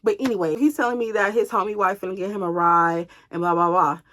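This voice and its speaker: A woman vlogger telling a personal story to her viewers in an animated, casual way, swearing freely. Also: medium pitch, fast talker, slight background noise.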